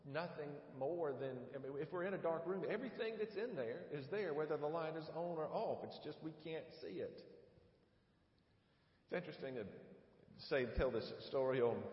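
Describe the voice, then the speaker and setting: A pastor preaches in a relaxed, folksy way and slips in humorous asides to his congregation. His voice rings out through a big church sanctuary with a long, roomy reverb. The recording sounds a little dull and lo-fi. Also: mid-range voice. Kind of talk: sermon.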